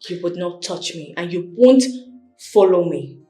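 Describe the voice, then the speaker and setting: A woman's voice: fairly low pitch, animated, a little slow, dark tone, reverberant, soft background music. An actress playing a young widowed queen who pleads tearfully and snaps back in anger. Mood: angry defiant. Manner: tearful, pleading, then sharply angry. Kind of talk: Nollywood film acting.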